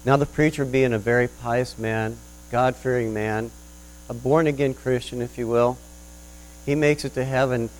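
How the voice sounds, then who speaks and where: Poor audio captures a male pastor at a normal pace and mid-range pitch. He tells a sermon illustration in an earnest way, his voice rising and falling with lively swells.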